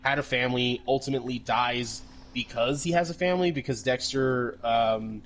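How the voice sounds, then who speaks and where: A man's voice: medium pitch, moderate pace, fairly bright tone. A man co-hosting a casual podcast chat, talking in a mocking, profane, rambling way with lots of fillers. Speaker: podcast co-host.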